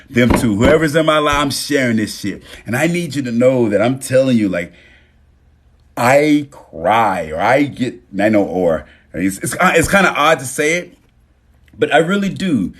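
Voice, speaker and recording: A man's voice: medium pitch, lively intonation, normal speed. Guy on a phone livestream, emotional and sweary, thanking everyone by name. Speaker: livestream host. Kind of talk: casual live-stream chat.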